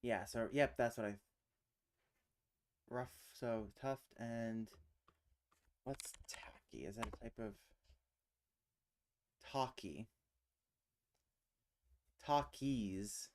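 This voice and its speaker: Slow, muttering man thinking aloud. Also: medium pitch. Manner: muttering, trailing off, self-questioning. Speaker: streamer hosting a casual language chat. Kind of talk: thinking aloud while solving a word puzzle.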